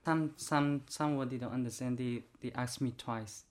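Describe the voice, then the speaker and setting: A speaker from Burma, talking haltingly in an interview and often repeating words and restarting. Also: mid-range voice, fairly even intonation. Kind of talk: casual interview talk.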